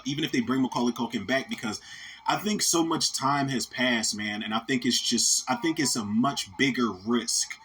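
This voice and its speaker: A man's voice: medium pitch, a bit bright, slight background noise. A man in his thirties, hosting a podcast and giving a casual, rambling, profane movie rant that keeps coming back to "man". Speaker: podcast host.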